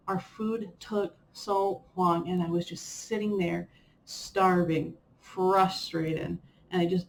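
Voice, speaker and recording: A young woman chats casually in a vlog, rambling with fillers and poking fun at herself. Her voice sits at an ordinary middle pitch. A faint hiss runs underneath the recording. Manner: chatty, rambling with fillers and playful self-mockery. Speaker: vlogger. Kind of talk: casual chat reviewing a personal year.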